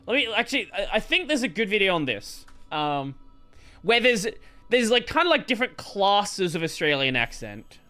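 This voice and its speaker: This is a streamer talking off the cuff with a high, very expressive voice that rises and falls a lot. He restarts his sentences as he works things out aloud, and he has a bright, forward tone. Soft game music plays underneath. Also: normal speed. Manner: rambling, restarts while thinking aloud. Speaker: gaming streamer. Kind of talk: casual live-stream chat.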